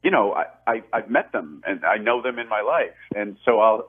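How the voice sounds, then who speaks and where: A man in his forties talks casually as a radio guest, heard through a tinny, phone-like line. He rambles, laughs at himself and restarts his sentences often. His voice sits at a middle pitch for a man. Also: fairly quick. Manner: rambling, self-deprecating, many restarts and laughs. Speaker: actor and film director, guest.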